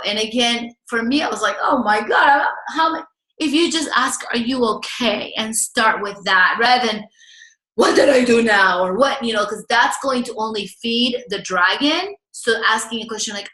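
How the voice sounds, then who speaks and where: A woman's voice: medium pitch, sharp tone, roomy sound. A woman relationship coach, talking earnestly to viewers and acting out the lines they should say.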